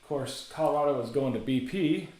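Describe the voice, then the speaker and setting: A man's voice: medium pitch, a little fast, dark tone, roomy sound. A man hosting a live card break, casually calling out cards and chatting with viewers. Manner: casual, chatty, rattles off names.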